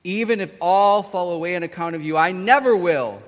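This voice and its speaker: A man's voice: mid-range voice, expressive, moderate pace, sharp tone, voice pushed down. A man voicing an impulsive fisherman apostle in eager, pleading outbursts, inside a sermon. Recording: long hall reverb.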